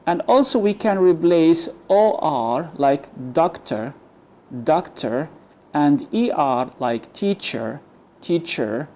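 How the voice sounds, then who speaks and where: A man teaching English pronunciation, repeating model words slowly between explanations. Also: on the high side, warm tone. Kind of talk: pronunciation lesson. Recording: dull lo-fi sound.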